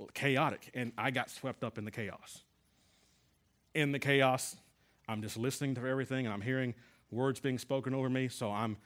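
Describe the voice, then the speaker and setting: A middle-aged man and Bible class teacher giving an earnest sermon-style testimony, often restarting his sentences. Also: medium pitch. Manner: earnest storytelling with repeated restarts.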